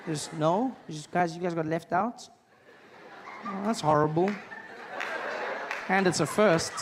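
A man's voice: a little high, unhurried, background noise. A man performing stand-up comedy on stage, talking conversationally and slipping into voices to act out scenes. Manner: conversational, acts out characters. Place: comedy stage before an audience.

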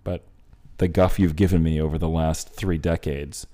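A man's voice: extremely low pitch, fairly even intonation, normal speed, warm tone. A man co-hosting a podcast, chatting casually, blunt and profane, spinning jokey hypothetical stories. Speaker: podcast co-host. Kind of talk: casual chat.

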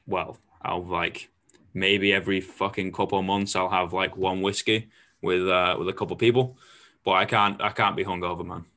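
A man's voice: low voice, moderate pace. A young man hosting a casual podcast chat, telling stories with lots of swearing. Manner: swearing, storytelling, animated. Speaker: host.

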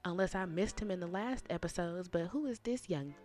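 Woman, young adult, casual reality TV commentary, sassy and animated, slightly low voice, faint music behind. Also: brisk. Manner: sassy, animated, talks straight to the viewers. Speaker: reality TV recap host.

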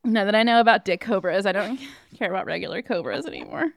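A woman's voice: medium pitch, expressive, quick pace, gravelly, no room sound, clean studio sound. A woman co-hosting a podcast in casual chat, joking crudely and giggling often. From California. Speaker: podcast co-host.

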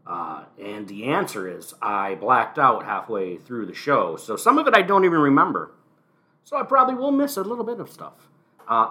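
A man's voice: medium pitch, bright, forceful tone. A man hosting a casual solo wrestling recap podcast, talking with wry, sarcastic asides, recorded at home. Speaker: podcast host.

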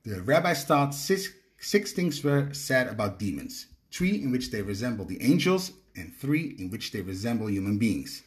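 A man's voice: medium pitch, very animated, moderate pace, hardly any pauses. A man co-hosting a podcast, explaining in casual talk with frequent fillers and restarts. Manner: hesitant, many fillers and restarts. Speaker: podcast co-host.

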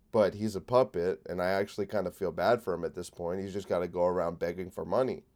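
A man's voice: fairly low pitch, a little mellow. A man hosting a solo comedy podcast while sick, rambling and swearing in a sardonic rant. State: sick with a cold. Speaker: podcast host.

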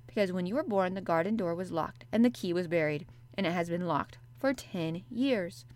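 A woman's voice: fairly low pitch, moderate pace, a little mellow, lightly acted. A woman voicing a curious, cautious young girl, speaking carefully.

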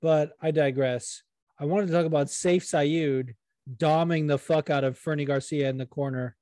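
Profane, chatty man with a higher voice. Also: fairly even intonation, dark tone, no room sound, clean studio sound. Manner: profane, fast-running, frequent restarts and acted quotes. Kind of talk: casual chat about fights.

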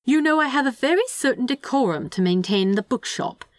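A woman's voice: sits high, expressive, fairly quick, no room sound, clean studio sound, voice pushed up. A woman reading aloud and voicing a fussy, doting male angel who tuts primly and stays unbothered. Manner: prim, tutting, affectionate.

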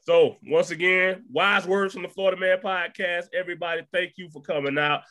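A male podcast host talking in a relaxed, slangy way, sliding into a hyped sign-off. His voice sits a bit high and sounds sharp and forceful. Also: a little fast. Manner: loose, hype-style sign-off with street slang. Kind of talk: casual podcast chat.

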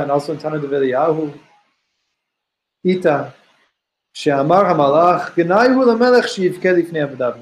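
A man's voice: a little high, darkish tone, poor audio. A man teaching a study session. He reads Hebrew passages aloud and explains them in an earnest, searching way, often restarting his phrases. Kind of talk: text study lesson.

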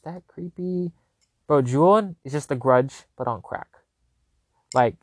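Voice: medium pitch, darkish tone, no echo. Rambling, chatty vlogger with a dry sound. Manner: chatty, filler-heavy with constant "like", casual swearing; loose, self-correcting. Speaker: vlogger recounting a trip. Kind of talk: casual rambling storytelling.

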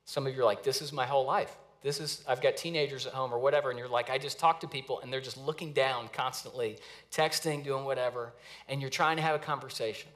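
A man's voice: medium pitch, steady tone, quick pace, a bit bright. A man preaching a sermon as pastor, earnest and dramatic when reading scripture, with frequent restarts.

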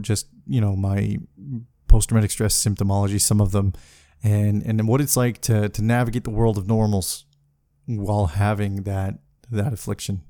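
A man hosting a solo podcast, talking in a halting, profane way with many restarts and sounding frustrated. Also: lowish voice, dark tone, no echo, clean studio sound. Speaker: podcast host. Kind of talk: casual solo podcast monologue.

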